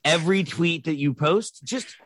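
A man's voice: fairly high pitch, moderate pace, fairly bright tone, dry recording. A man co-hosting a podcast, joking around in casual chat, stumbling and restarting his sentences. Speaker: podcast co-host.

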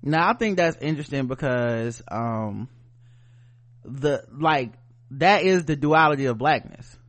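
A man co-hosting a podcast in casual chat. He speaks bluntly, swears freely and gets animated. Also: mid-range voice, a little slow. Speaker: podcast co-host.

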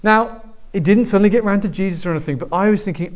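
A man's voice: high voice, quick pace, few pauses. A man in his forties preaching a sermon as pastor, telling stories and acting out the people in them. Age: 40s. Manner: animated storytelling, acting out quoted voices.

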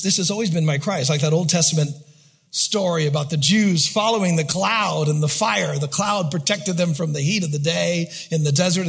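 A pastor delivers a sermon from the pulpit in a high, husky voice. He swings between bursts of excited intensity and hushed, almost whispered passages that draw the congregation close.

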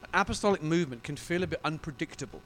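A male pastor preaching a sermon in an emotional, effusive and animated way. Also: on the high side, racing, slight background noise.

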